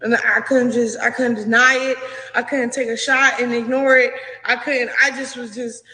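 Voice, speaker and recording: A woman speaks frankly and profanely about her own life, acting out what people said to her. Her voice is high and bright. The clip sounds roomy, with a long echoing tail. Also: little pitch movement, moderate pace. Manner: blunt, profane, acts out what was said. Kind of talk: candid personal retelling. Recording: echoey clip with long reverb.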